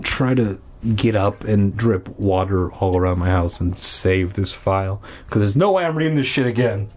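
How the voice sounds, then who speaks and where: A husky man reads a storybook aloud at home, his pitch rising and falling freely. Now and then he drops into deadpan, crude asides. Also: normal speed, hardly any pauses. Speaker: amateur reader. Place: at home with windows open. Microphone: laptop.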